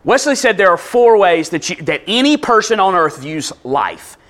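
A man preaching a sermon, telling a story with animated delivery and loudly acting out quotes. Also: sits high, moderate pace. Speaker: pastor.

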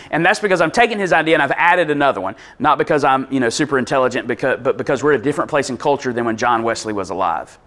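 A man preaching a sermon, telling a story with animated delivery and loudly acting out quotes. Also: medium pitch. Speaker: pastor.

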